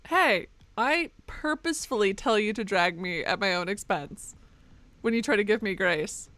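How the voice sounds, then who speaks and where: A woman's voice: medium pitch, animated, normal speed, a bit bright. A young woman streaming a game, talking casually with sarcastic, self-mocking jokes and snatches of song. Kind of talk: casual live-stream commentary.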